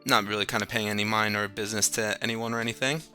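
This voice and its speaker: A man's voice: lowish voice, steady tone, fast talker, pushed and bright, soft background music. A man narrating as game master of a tabletop game in a casual, rambling way. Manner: casual, filler-heavy narration.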